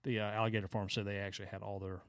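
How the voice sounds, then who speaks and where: A laid-back Southern man with a lowish voice, co-hosting a casual podcast and reading odd news stories aloud. He talks with plenty of fillers and restarts and chuckles at his own jokes. The recording is close and dry. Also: level tone, racing, fairly bright tone, no room sound. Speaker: podcast co-host.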